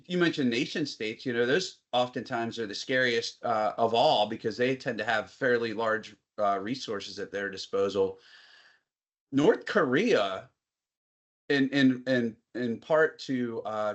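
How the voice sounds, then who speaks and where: A man talking casually as a webinar guest, with a middle-pitched voice. He is chatty and lively, slipping into quoted voices as he makes his points. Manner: chatty, animated, acts out quotes. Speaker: guest, IT business owner.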